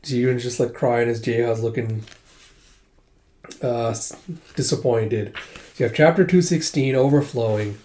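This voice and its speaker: A man's voice: medium pitch, unhurried, pauses often, mellow, slight background noise. A man casually recapping a manga volume, moving through the scenes with 'it's like' and making loose asides. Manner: retells scenes with 'it's like' between quoted lines; loose conversational asides to the story.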